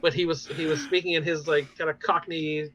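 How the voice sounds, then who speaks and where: A man hosting a podcast, recapping TV episodes in an animated, rambling way with many fillers. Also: on the high side, a little fast. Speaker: podcast host. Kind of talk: casual chat recapping TV episodes.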